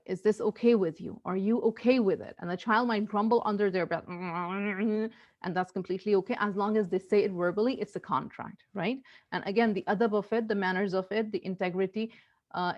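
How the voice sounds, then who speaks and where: A woman's voice: medium pitch, lo-fi sound. A woman giving earnest parenting advice in casual talk, often repeating herself and restarting her sentences. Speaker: parenting coach.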